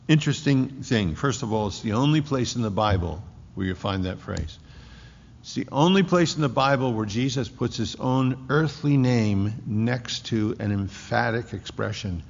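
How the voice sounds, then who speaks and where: A man's voice: mid-range voice, animated, moderate pace, vocal fry. A man preaching a sermon in a church, emphatic and repeating key words for weight. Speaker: pastor. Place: church sanctuary. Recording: dull lo-fi recording in a reverberant hall.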